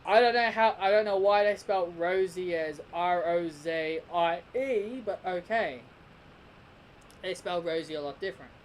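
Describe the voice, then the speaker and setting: A man's voice: high-pitched, normal speed, a little hiss or hum, rough recording. A man casually reviewing a cartoon episode, rambling and restarting his sentences. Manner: rambling, with many restarts and repeated "and".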